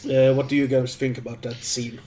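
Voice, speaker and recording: A man's voice: mid-range voice, level tone, a little fast, a little mellow, slight background noise. A man co-hosting a movie podcast, bluntly steering the casual chat with questions. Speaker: podcast co-host leading discussion.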